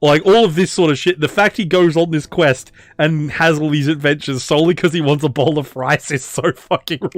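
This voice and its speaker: A man's voice: on the high side, moderate pace, few pauses, dry recording, clean studio sound. A young Australian man co-hosting a podcast in casual chat, laughing often and swearing freely. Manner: laughing, swearing, animated banter. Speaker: podcast co-host.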